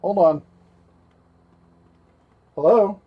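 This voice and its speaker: A man's voice: high-pitched, extremely slow, husky, muffled recording. A man hosting a livestream while rebuilding a computer, chatting casually, talking to his parts and his dog. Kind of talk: casual live tech narration.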